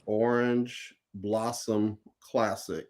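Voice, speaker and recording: A man hosting a casual sports chat, playful and teasing in quick banter. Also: lowish voice, level tone, darkish tone. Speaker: show host.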